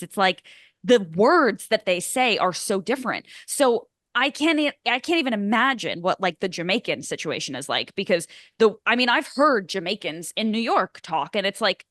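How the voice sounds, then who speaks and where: A woman's voice: mid-range voice, a bit bright, no room sound, studio quality. A woman co-hosting a casual movie podcast, chatty and rambling, teasing her co-host.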